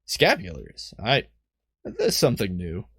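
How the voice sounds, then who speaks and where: A man's voice: on the low side, huge pitch swings, a little slow, fairly bright tone, slightly rough, no echo, clean studio sound, full character voice. A man voicing an earnest, unsure young male squire from a fantasy game, attempting a British accent.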